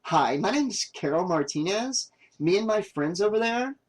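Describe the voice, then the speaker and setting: A man's voice: high-pitched, animated, moderate pace, voice pushed up. Man voicing a snappy young woman filmmaker. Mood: pushy. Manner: exasperated, snappy. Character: pushy young woman documentary maker, short-tempered.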